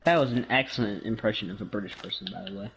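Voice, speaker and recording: A man from Canada with a lowish voice chats casually while gaming. He jokes, teases and rambles through his stories. A faint hiss sits under the recording. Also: very fast, gravelly. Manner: joking, teasing, rambling.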